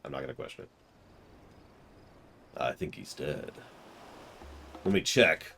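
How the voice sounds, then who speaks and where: A man's voice: a bass voice, lively intonation, unhurried, creaky, bright, forceful tone, a little hiss or hum. A male streamer giving casual game commentary with goofy, joking asides.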